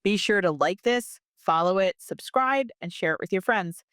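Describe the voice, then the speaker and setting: A middle-aged woman hosting a podcast, giving punchy, emphatic straight talk with lively pitch swings into a close mic. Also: moderate pace, clean tone, no room sound. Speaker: podcast host, immigration lawyer. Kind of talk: direct podcast monologue.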